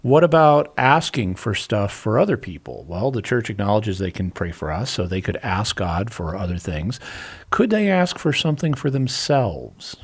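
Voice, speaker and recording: A man answering callers' questions on a call-in radio show, explaining things in a measured way with occasional restarts. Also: fairly low pitch, very animated, husky.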